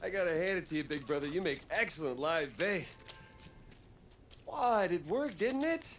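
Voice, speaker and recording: A man's voice: sits high, animated, moderate pace, faint music behind. An actor playing a cocky young male hero in a video game, teasing and brash.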